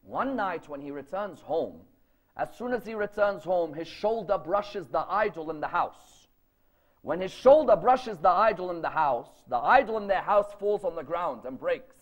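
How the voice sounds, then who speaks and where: A man's voice: high voice, lively intonation, moderate pace. A man preaching to a live audience, emphatic and storytelling, firing rhetorical questions. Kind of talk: religious lecture to a live audience. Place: lecture gathering.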